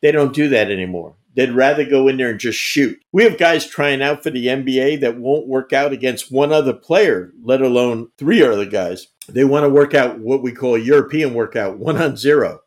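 A man's voice: medium pitch, normal speed, hardly any pauses. An older man, a veteran basketball coach, answering interview questions with emphatic anecdotes and frequent restarts. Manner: emphatic, repeats words, tells anecdotes. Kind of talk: conversational interview storytelling.

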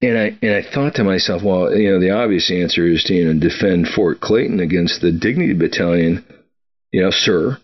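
Audio is dull as a middle-aged man on a podcast swaps casual stories about his military career. He talks briskly in a low voice, rambling with fillers and restarts and letting out the odd chuckle.

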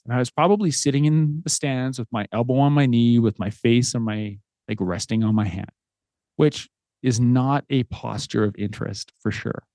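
A man's voice: medium pitch, mellow, no echo. A man in his thirties, a podcast host, telling a personal story in an earnest, heartfelt way, with frequent restarts.

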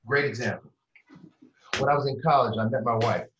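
A man with a mid-range voice tells animated stories, full of slang and sudden high-pitched impressions of the people he quotes. He sounds distant from the mic in an echoey room. The sound is a little dull. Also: brisk, slight background noise. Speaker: therapist, interview guest. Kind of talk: animated storytelling in conversation.

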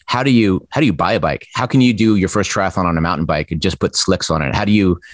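A man's voice: sits low, fast talker, no echo, studio quality. A man talking casually as a podcast guest, reflective and storytelling. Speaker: podcast guest, former triathlon magazine editor. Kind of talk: casual conversation.

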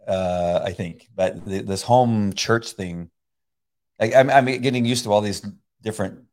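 A middle-aged man chatting casually about faith, rambling with many halting restarts and frequent laughs. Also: fairly low pitch, a little mellow. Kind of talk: casual conversation.

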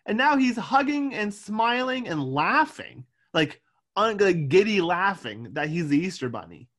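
A man's voice: sits high, unhurried. A man co-hosting a podcast, chatting casually and getting exasperated over a movie. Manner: exasperated, animated, swears when riled. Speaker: podcast co-host. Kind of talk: casual movie review chat.

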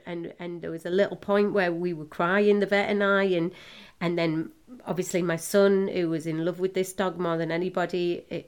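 Speaking in a fairly low, clean-toned voice, a middle-aged woman on her podcast recounts a personal story. Emotion shows through, and she keeps faltering and starting over.

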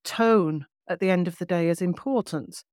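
A woman voice coach explaining vocal technique in a clear, measured teaching manner. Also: on the low side, a little mellow, dry recording, clean studio sound. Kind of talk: podcast teaching.

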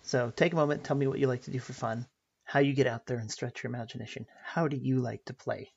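A man in his thirties with a gravelly, husky voice talks through a solo podcast episode. He speaks in an earnest, storytelling way and pokes fun at himself now and then. The sound is dull and lo-fi, as from a home mic. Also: mid-range voice, steady tone, fast talker. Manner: earnest, warm-hearted storytelling with light self-deprecating humor. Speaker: podcast host. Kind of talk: personal podcast monologue.

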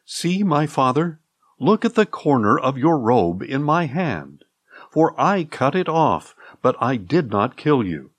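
Guy reading as an earnest young man begging a king to believe him, slow, pitch all over. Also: sing-song, no room sound. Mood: pleading.

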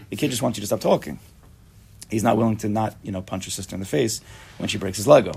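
A man's voice: on the low side, fast, vocal fry, darkish tone, breathy edge. A man giving a casual, chatty Torah class, joking and mixing Hebrew and Yiddish terms into his talk.

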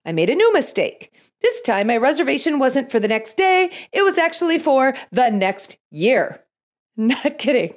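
A woman's voice: sits high, very animated, normal speed. A middle-aged woman hosting a podcast, telling a personal story with dry, self-deprecating humor before moving into Bible teaching. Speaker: podcast host.

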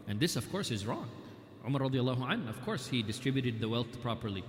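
A man of middle pitch lectures on religious history, retelling events through dialogue and recited scripture. His voice rings out in a large, roomy hall with a long reverb tail. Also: animated, quick pace.

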